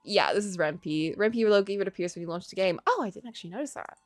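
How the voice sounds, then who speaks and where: A woman's voice: mid-range voice, quick pace, no echo, faint music behind. A woman streaming a game live, reading its text aloud and chatting casually, laughing and gasping as she reacts. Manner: lively, chatty, laughs often, reacts with gasps.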